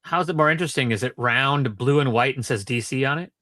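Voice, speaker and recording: A man's voice: medium pitch, fairly quick, bright, forceful tone, no echo, clean studio sound. A man from Minnesota on a casual live stream, teasing and playful.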